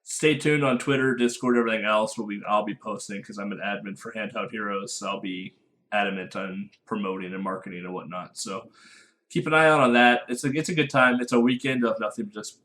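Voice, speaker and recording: A man's voice: fairly low pitch, fairly quick, a bit bright. A man co-hosting a casual podcast, joking and laughing often as he talks through upcoming speedrun events. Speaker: podcast co-host. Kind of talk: casual chat.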